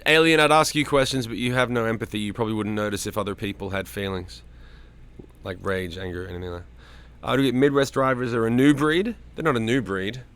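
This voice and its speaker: Reading viewer comments on a loose home livestream, a middle-aged man chats with people by name and swears without hesitation. His voice sits lowish, fast, smooth, and fairly bright.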